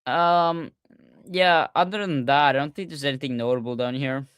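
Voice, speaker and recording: A man hosting a casual livestreamed podcast, talking excitedly and often restarting his sentences with fillers. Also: fairly high pitch, normal speed, smooth, no room sound, studio quality. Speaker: podcast host.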